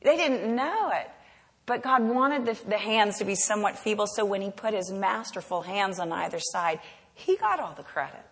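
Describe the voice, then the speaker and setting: A woman's voice: medium pitch, moderate pace, a bit bright. Woman preacher, mid-range voice, earnest rhetorical sermon, long hall echo. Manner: earnest, rhetorical questions to the congregation.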